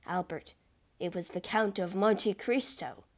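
A woman voicing a worried male journalist who speaks gravely and steadily. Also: mid-range voice, measured pace. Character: worried journalist friend, a man.

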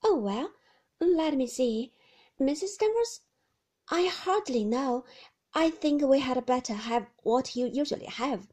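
A woman's voice: high voice, expressive, measured pace, a little mellow. A woman voicing a timid young bride who stammers and hurries her apologies in a storybook reading. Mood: flustered.

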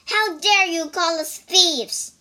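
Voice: medium pitch, slow, bright, forceful tone. A storyteller voicing a greedy, whiny male pig companion in a storybook reading. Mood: indignant.

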